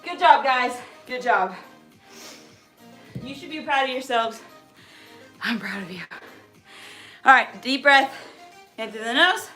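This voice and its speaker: A woman fitness coach leading a live workout class, energetic and encouraging, a little out of breath as she calls out cues and counts down. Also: sits high, slow pace, long pauses, roomy sound, rough recording. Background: workout music.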